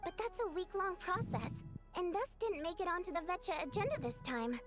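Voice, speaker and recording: A woman's voice: extremely high pitch, expressive, brisk. A woman voicing an earnest young female ally in a game, confiding her plans in long explanations. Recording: game voice over clear music.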